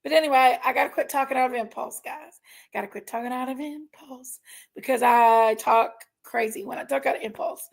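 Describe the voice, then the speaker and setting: A woman ranting to her viewers in a heated, casual way. She is emotional and fired up, and keeps telling herself to calm down. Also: sits high, a little fast, gravelly. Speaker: online commentary streamer.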